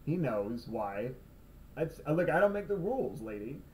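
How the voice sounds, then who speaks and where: A man's voice: medium pitch, big pitch swings, moderate pace, a little mellow, distant mic, rough recording. A young man rambles through a sarcastic, self-mocking comic vlog monologue in his room at night. He sits a little back from a cheap camera's built-in mic, with faint room noise behind him. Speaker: video blogger.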